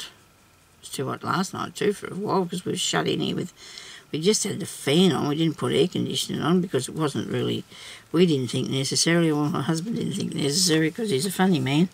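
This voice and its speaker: Gravelly, rambling craft host woman. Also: low voice, fairly quick. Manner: rambling, chatty, thinks aloud while working; laughs softly to herself. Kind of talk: casual crafting tutorial chat.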